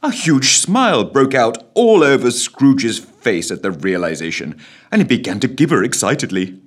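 A man's voice: medium pitch, very animated, normal speed, breathy edge. A man narrating a comic story with a wry, mock-solemn delivery.

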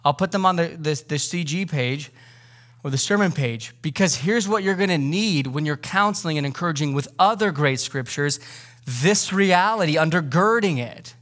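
A man's voice: a little high, expressive, moderate pace, fairly bright tone. A male pastor preaching a sermon in a loose, conversational way, joking with the congregation and pressing his points with emphasis.

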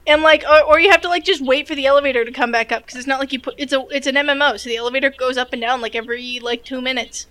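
A woman's voice: high voice, steady tone, racing, hardly any pauses, bright, forceful tone. A woman in a casual gaming chat over a call, talking bluntly and swearing as she vents. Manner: blunt, swears when venting.

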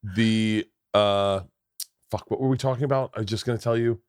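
A man's voice: lowish voice, fairly even intonation, moderate pace, a little mellow, clear, resonant tone, no room sound, studio quality. A middle-aged man hosting a casual chat, telling stories and dropping into put-on accents. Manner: storytelling, slips into put-on accents. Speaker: podcast host.

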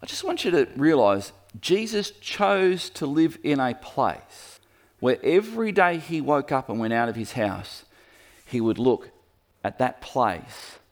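A man preaching a sermon in a lively storytelling manner, speaking to the room as he points at a map. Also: medium pitch, a little slow. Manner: lively storytelling, acts out quoted voices.

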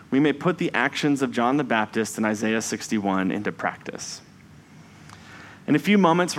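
A man preaching a Sunday sermon in a measured, reflective way, slowing down for emphasis on key phrases. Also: medium pitch, slight background noise.

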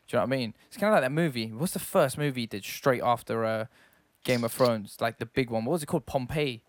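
A young man, co-hosting a casual podcast chat in an animated, slangy way. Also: medium pitch, fast talker, a little hiss or hum. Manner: animated, chatty, uses slang. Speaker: podcast co-host.

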